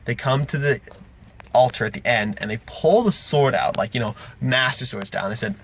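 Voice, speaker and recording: A man's voice: medium pitch, moderate pace, a little hiss or hum. A man game master recapping a tabletop session in a casual vlog, rambling and correcting himself as he goes. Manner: rambling, self-correcting, animated retellings.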